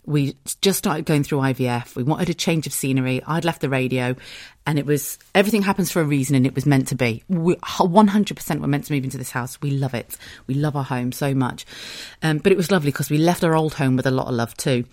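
A woman's voice: low voice, fast talker, a little mellow, no echo, clean studio sound. A woman in her thirties with a British accent, hosting a podcast as a casual, rambling monologue and swearing freely. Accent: British English. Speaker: podcast host.

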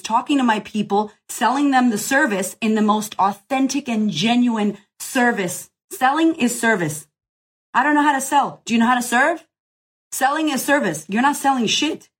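A woman's voice: a little high, slightly rough. A woman business coach answering questions in a casual live Q&A, blunt, profane and emphatic, rallying the listener directly.

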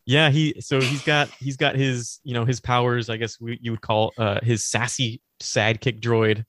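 A man's voice: medium pitch, flat delivery, normal speed, a bit bright. A man co-hosting a casual podcast chat, rambling with many restarts. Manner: rambling, restarts often, laughs easily. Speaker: podcast co-host.

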